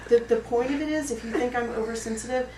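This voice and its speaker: An actress playing an oversensitive, apologetic woman at a support group, rambling through an improvised monologue in a rough, emotionally raw way. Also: fairly high pitch, quick pace, a little mellow, natural voice. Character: oversensitive, apologetic woman pouring out her woes. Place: roomy studio space. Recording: echoey room, far mic, background noise.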